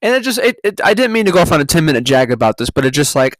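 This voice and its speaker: A man's voice: a little high, big pitch swings, rapid-fire, hardly any pauses, no room sound. A man from California telling a story on his podcast, profane and sarcastic, breaking into laughs. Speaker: podcast host. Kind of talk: casual ranting monologue.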